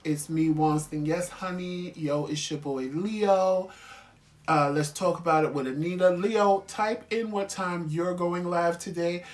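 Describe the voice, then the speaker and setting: An easygoing man co-hosting a relaxed chat show. He rambles a little as he talks, in a playful way, and goes over his points more than once. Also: high voice, a little slow. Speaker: co-host of a couple's talk show. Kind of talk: casual chat.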